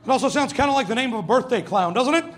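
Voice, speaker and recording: A man's voice: very high voice, animated, very fast, a bit bright. A young man doing a stand-up comedy set on a club stage, brash and profane, acting out quoted voices.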